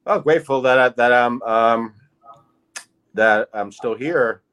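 Relaxed joking man in his sixties. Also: medium pitch, a little slow. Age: 60s. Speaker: guest comedian. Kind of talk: casual interview chat.

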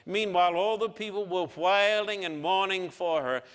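Man, preacher, dramatic sermon, loud-to-hushed swings, bright voice, long hall reverb. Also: high voice, moderate pace, smooth. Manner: emphatic, swings between loud declarations and hushed softness. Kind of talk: dramatic sermon with scripture reading.

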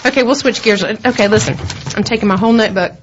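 A middle-aged Southern woman co-hosts a radio talk show, chatting casually on air in a rambling way and laughing as she goes. Her voice sits at medium pitch and she talks fast, with background noise audible. The recording, made in a radio studio, has a dull lo-fi radio quality.

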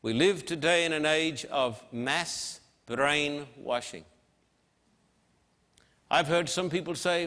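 A man preaching a sermon with emphatic, measured delivery and dramatic pauses. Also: a little high, sharp tone. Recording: long hall reverb.

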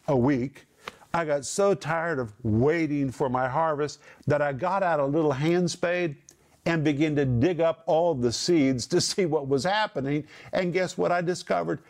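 A middle-aged man teaching from the Bible on a talk program, emphatic and repeating key phrases with slow stress. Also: a little high.

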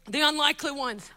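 High bright animated woman preaching. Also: a little hiss or hum. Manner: animated, joking asides, shouting climaxes, drops to soft intimate tones. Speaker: guest preacher. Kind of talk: lively sermon. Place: church sanctuary at a pulpit.

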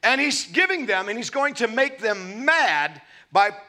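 A man preaching a sermon, with dramatic swings between loud and soft delivery, acting out the scripture quotes as he goes. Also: very high voice, very animated, a little slow. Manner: laughs between points. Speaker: pastor.

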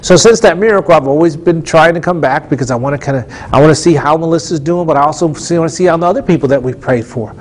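A man's voice: fairly high pitch, fast, few pauses, a little hiss or hum. A man preaching in a studio, telling a testimony earnestly and with emphatic repetition. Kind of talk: storytelling sermon testimony.

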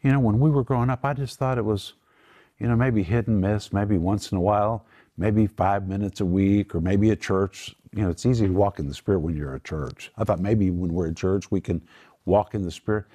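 A man's voice: fairly low pitch, fairly quick, dark tone. A middle-aged man teaching the Bible on a Christian broadcast, emphatic and lifting his voice when quoting scripture. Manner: emphatic, lifts voice for quoted words.

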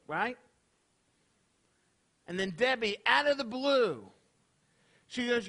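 A man's voice: sits high, sing-song, unhurried, pauses often, bright, forceful tone. A man, a rabbi preaching a casual, conversational sermon to his congregation, tossing out rhetorical questions. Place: congregation hall.

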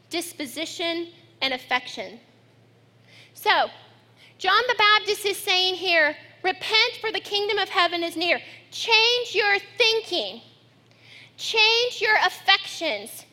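A middle-aged woman pastor preaching a sermon, telling family stories with lively acted-out quotes. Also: sits high. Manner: storytelling, animated when acting out her daughter.

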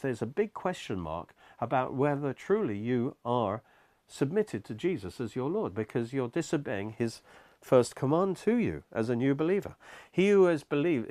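A man's voice: medium pitch, a little mellow, dry recording. A man preaching a sermon, explaining scripture step by step in an earnest, emphatic way.

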